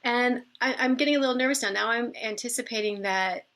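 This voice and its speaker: A middle-aged woman casually recounting a personal story, animated and acting out the people she quotes. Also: on the high side, a little fast. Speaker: vlogger telling a personal story.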